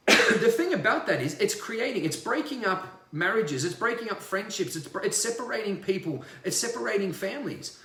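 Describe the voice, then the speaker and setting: A man's voice: high voice, pushed and bright, echoey room. A man, a spiritual coach, ranting in a livestream monologue, emphatic and profane and repeating himself.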